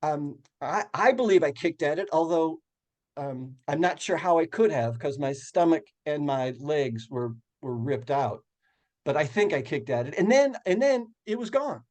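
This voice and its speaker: A man's voice: on the high side, expressive, normal speed, darkish tone. A man giving a talk, earnestly retelling a personal story in vivid detail. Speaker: guest speaker. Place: retirement community hall.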